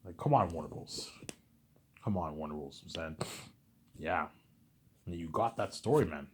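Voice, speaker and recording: A man's voice: low-pitched, normal speed, a little hiss or hum. A man vlogger ranting in a casual monologue, repeating himself and swearing freely. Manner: repetitive, profane ranting.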